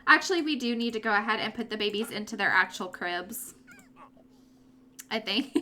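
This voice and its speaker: A woman's voice: medium pitch, animated, normal speed, long pauses, bright, forceful tone. A young woman giving casual, chatty commentary while playing a life-simulation game, talking fondly to her characters as she goes. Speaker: let's play host.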